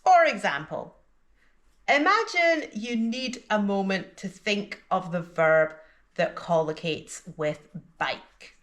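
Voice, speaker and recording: A woman teaching an English lesson in a slow, deliberate scripted delivery, with exaggerated intonation in her example sentences. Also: mid-range voice, lively intonation, fairly bright tone.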